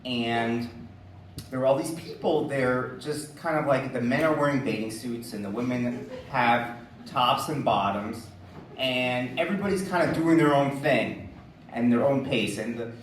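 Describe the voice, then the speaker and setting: A man's voice: medium pitch, a little slow, a little hiss or hum. Man, 40s, live storyteller: chatty, laughing, heavy on fillers. Distant mic, faint room ambience. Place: live stage before an audience. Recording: roomy distant live-stage recording.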